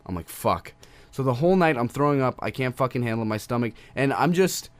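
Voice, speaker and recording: A man's voice: medium pitch, expressive, a little fast. A young man, a podcast co-host, casually telling a story and swearing constantly. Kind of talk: casual chat.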